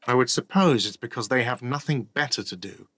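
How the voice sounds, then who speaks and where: A man's voice: medium pitch, a little fast, fairly bright tone, dry recording, close to an everyday voice. A man voicing a whiny, defensive male cafeteria manager in a game.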